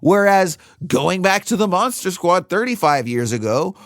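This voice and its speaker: Animated man chatting about films. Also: sits high, moderate pace, no room sound, studio quality. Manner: animated, acts out movie lines in funny voices. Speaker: podcast co-host. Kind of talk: casual film discussion.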